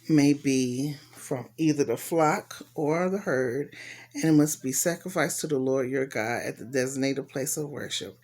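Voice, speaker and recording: A woman's voice: extremely low pitch, a little mellow. A woman giving an earnest, heartfelt devotional reflection and reading scripture aloud, often repeating her phrases. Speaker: Bible reader.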